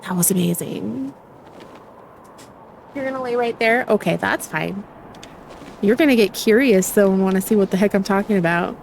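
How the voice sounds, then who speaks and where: A young adult woman streaming a game in casual chat, chatty and excitable, often gasping. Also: medium pitch, normal speed, gravelly, pauses often, slight background noise.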